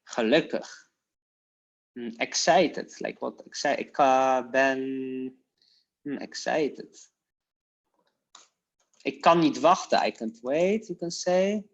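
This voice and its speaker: Male teacher, unhurried and mid-pitched, repeating phrases for a class on a dull lo-fi recording. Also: creaky. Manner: slow, repeats Dutch phrases for learners, hesitant fillers. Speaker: language teacher. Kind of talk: informal language lesson.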